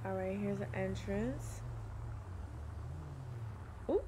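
A woman's voice: mid-range voice, drawn-out words, noisy background. A woman streaming a game and talking to her viewers in casual slang, laughing often. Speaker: gaming streamer.

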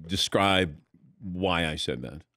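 A man's voice: low voice, slow, bright, forceful tone, dry recording, clean studio sound. A man hosting a radio show, bantering in a casual, teasing way and laughing often.

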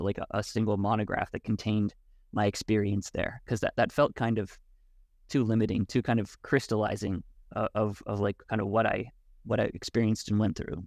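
A man as a podcast guest, talking in a thoughtful, halting way with many restarts. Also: on the low side, creaky, darkish tone, dry recording, clean studio sound. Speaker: podcast guest, Wudang martial arts teacher. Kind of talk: casual conversation.

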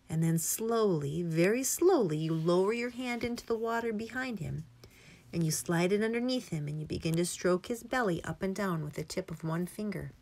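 A woman's voice: medium pitch, darkish tone. A woman reading aloud, voicing a mischievous, talkative little old male country doctor. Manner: chatty, mischievous storytelling. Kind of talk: audiobook character reading.

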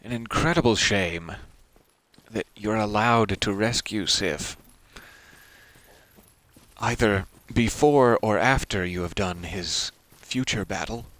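Brief: low-pitched male streamer, musing and wry, soft-spoken let's play commentary. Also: slow, no echo. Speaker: game streamer.

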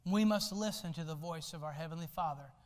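A male pastor preaching a sermon, swinging from soft low asides to loud shouted lines. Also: fairly quick. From United States. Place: church sanctuary. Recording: long hall reverb in a church.

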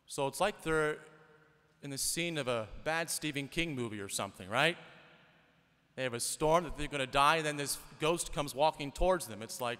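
Conversational priest in an echoing church. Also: male voice, a little high, moderate pace, sharp tone, smooth. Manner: conversational, storytelling with rhetorical questions. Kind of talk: sermon. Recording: long church reverb.

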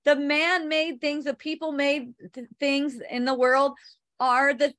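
A woman with a slightly high voice leads a relaxed online spiritual talk. She rambles loosely, laughs often and swears casually. Now and then she reads viewer comments aloud. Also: unhurried.

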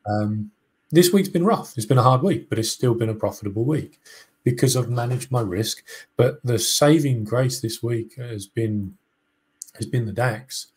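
A man co-hosting a live trading stream, talking casually and explaining his trades with relaxed restarts and fillers. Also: medium pitch, normal speed, breathy edge. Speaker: co-host trader.

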